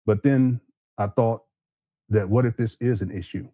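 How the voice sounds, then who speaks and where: A man's voice: on the low side, normal speed, mellow, no room sound. A male show host explaining step by step to his viewers, careful and hesitant, with many fillers.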